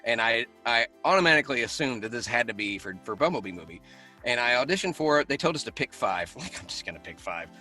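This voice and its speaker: A man who works as a voice actor, chatting as an interview guest. He tells animated stories and laughs often. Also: medium pitch, fast talker, faint music behind. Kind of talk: casual interview chat.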